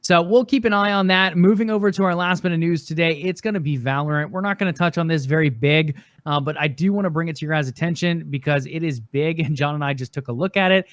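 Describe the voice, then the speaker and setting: A man co-hosting a gaming podcast, running through the news in a relaxed, conversational way. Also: a little high, fast talker, hardly any pauses, no room sound, clean studio sound. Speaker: podcast co-host. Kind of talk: casual news rundown.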